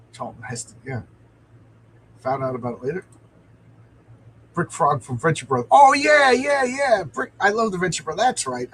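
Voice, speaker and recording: A man's voice: medium pitch, slight background noise, low-quality recording. A man hosting a live stream, reading a comic aloud with enthusiasm and answering viewer comments.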